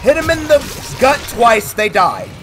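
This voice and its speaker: Excitable high-voiced man gaming. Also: measured pace, soft background music. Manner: excitable, trash-talking, whoops and laughs. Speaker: gaming video host. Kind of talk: let's play commentary.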